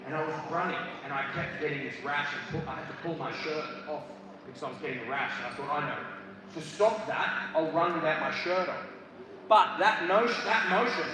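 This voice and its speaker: A man in his thirties gives a live motivational speech to students in a school hall, telling comic stories and acting out voices and shouts. His voice is a little high, recorded from far off in the echoey hall with a noisy background and hall ambience.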